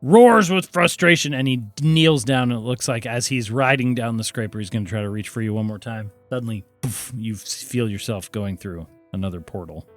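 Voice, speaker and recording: A man's voice: mid-range voice, soft background music. A man acting as game master, narrating the scene and calling for dice rolls. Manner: brisk, playful narration.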